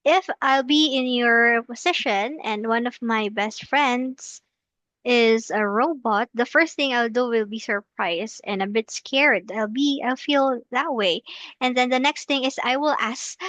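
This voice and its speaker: A woman teaches English one-on-one over a video call, patient and full of questions, with easy laughter. Her voice sits slightly high, and she speaks very slowly. The sound is close and dry, with no room echo. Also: a bit bright. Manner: patient, explaining, asks many questions; laughs easily. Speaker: English tutor. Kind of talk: online one-on-one English lesson.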